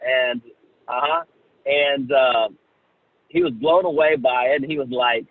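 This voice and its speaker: Speaking in a mid-range voice on a tinny line that sounds like a phone, a man from Oklahoma, USA, appears as a singer guest. He tells his story casually and haltingly, with many fillers and restarts.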